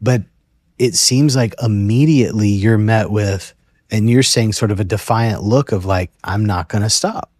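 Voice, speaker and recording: A man hosting a counseling conversation, speaking gently and reflectively and thinking aloud by rephrasing his points. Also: fairly low pitch, a little slow, no room sound, clean studio sound. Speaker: host, therapist.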